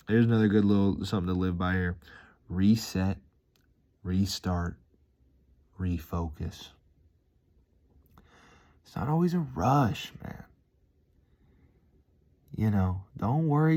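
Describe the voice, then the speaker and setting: A man's voice: deep voice, a little slow, pauses often, darkish tone. A man vlogging in a rambling, laid-back, slangy casual monologue with life advice.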